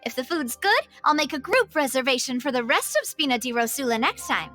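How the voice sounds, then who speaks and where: A bright, gracious young noblewoman. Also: high voice, animated, fairly quick. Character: cheerful, generous young noblewoman leader. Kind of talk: video game voice acting. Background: game music.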